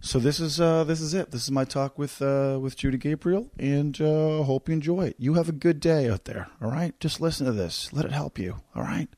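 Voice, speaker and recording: A man's voice: fairly high pitch, a little fast, hardly any pauses, dark tone, dry recording, clean studio sound. Chatty self-mocking Canadian man. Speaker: podcast host. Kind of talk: casual chat.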